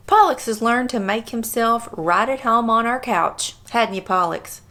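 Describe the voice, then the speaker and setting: A woman's voice: fairly high pitch, animated, unhurried, hardly any pauses, a bit bright. Chatty woman vlogger. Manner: affectionate, chatty, talks to her dog. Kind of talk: casual vlog narration about her dog.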